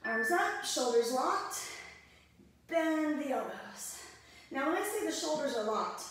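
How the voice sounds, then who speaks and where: Breathless, high-voiced woman coaching a workout. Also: very animated, takes it slowly, a bit bright, slight background noise. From American Midwest. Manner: chatty, cues moves while exercising. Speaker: fitness instructor. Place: home workout room with mirrors. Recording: echoey room, voice from far off.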